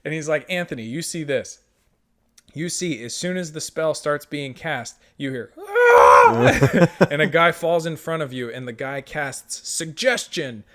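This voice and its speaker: A man's voice: fairly high pitch, unhurried. A young man casually retelling a tabletop game session, swearing freely and quoting the other players. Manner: profane, animated retelling with quoted dialogue. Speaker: podcast host.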